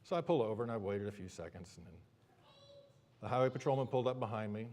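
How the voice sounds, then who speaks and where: A preacher telling a humorous personal story during a sermon, with lively, animated delivery. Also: male voice, lowish voice, fast.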